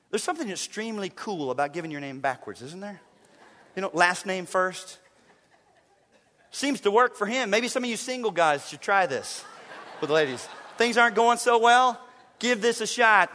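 A man preaching a sermon as pastor, emphatic and playful, swinging from loud declarations to hushed, drawn-out phrases. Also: high voice, lively intonation. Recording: long church reverb.

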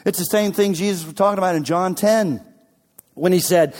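A male pastor giving a sermon, swinging between loud emphatic bursts and near-whispers and repeating key phrases for emphasis. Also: high voice, normal speed. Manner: dramatic swings from shouts to whispers. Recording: long hall reverb.

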